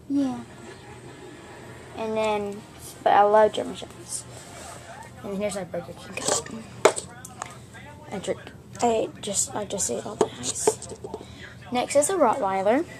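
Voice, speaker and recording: A woman's voice: on the high side, a little mellow. A girl showing her toy collection in a casual vlog from her bedroom, chatty and gushing, rambling with fillers. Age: child. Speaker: vlogger showing her plush toys. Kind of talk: casual show-and-tell vlog.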